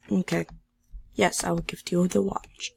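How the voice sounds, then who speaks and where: Though her throat is sore, this teenage gaming host's medium-pitched voice comes across creaky, bright, husky and forceful. She talks in a subdued, casual way over her gameplay and reads viewers' chat messages out loud.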